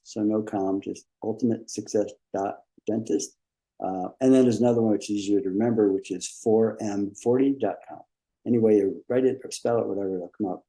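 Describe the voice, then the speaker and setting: Gravelly deep-toned man dentist guest. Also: warm tone, low-quality recording. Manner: rambling, repetitive, encouraging. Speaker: dentist and business coach, podcast guest. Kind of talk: casual interview conversation.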